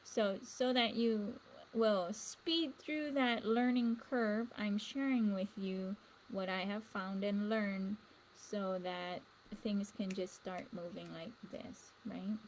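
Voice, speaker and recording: A woman's voice: medium pitch, takes it slowly, rough recording. A woman muses aloud in a loose spiritual monologue. She circles back on her own words and drifts into asides. Faint noise sits under her voice. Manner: meandering, repeats words, trails off into asides. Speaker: spiritual vlogger.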